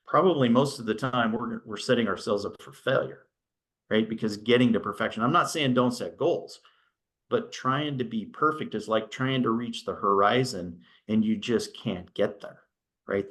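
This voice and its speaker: Heard through a video call mic, a middle-aged man with a fairly bright, low-leaning voice speaks casually to a virtual business workshop. He's conversational and tells stories, frequently tossing in "right?" to check in.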